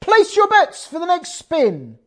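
A man putting on a loud, high croupier calling bets. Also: huge pitch swings, measured pace, exaggerated voice.

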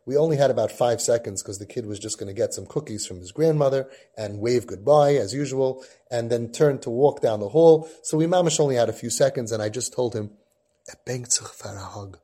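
Male podcast host, warm and husky, storytelling talk peppered with Yiddish and Hebrew. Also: mid-range voice, fairly quick, hardly any pauses. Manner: tells a long personal story with Yiddish and Hebrew terms. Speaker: podcast host and parenting guide.

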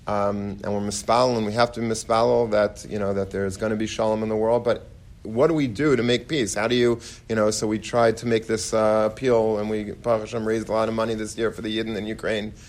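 A man's voice: fairly low pitch, level tone, a little fast. A man giving an informal sermon to a study hall in a conversational way, with restarts and many Hebrew and Yiddish terms. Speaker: rabbi giving a Torah talk.

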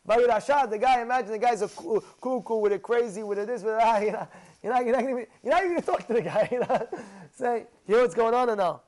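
A man gives a Torah lesson in a notably high voice, acting out stories with energy. He laughs often and fires questions at his listeners. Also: fast. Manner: lively storyteller who laughs often and asks questions. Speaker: Torah teacher.

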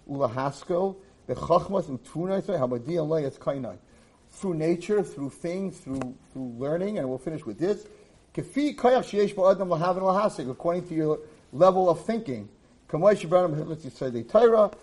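A man, a rabbi, giving a lively Torah class, acting out quotes and dropping Hebrew phrases into his English. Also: on the high side. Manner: animated, acts out quotes and shouts for emphasis. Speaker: rabbi and teacher.

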